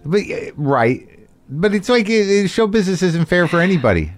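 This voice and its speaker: A man's voice: sits high, big pitch swings, moderate pace. Easygoing man hosting an interview. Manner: easygoing, frequent back-channel yeahs and laughs. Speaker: podcast host. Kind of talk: casual interview conversation.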